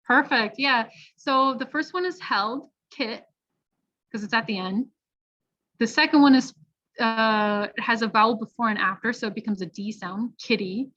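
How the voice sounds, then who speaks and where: A woman teaching a pronunciation workshop, modeling each sound slowly and deliberately. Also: a little high, bright, forceful tone. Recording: dull lo-fi audio.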